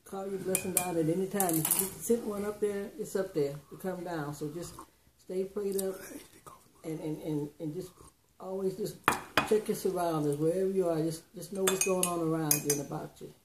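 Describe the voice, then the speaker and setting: A woman's voice: lowish voice, steady tone, normal speed, noisy background. A woman, the vlogger's mother, giving earnest casual advice and repeating words as she gathers her thoughts. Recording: echoey kitchen with dishes clattering.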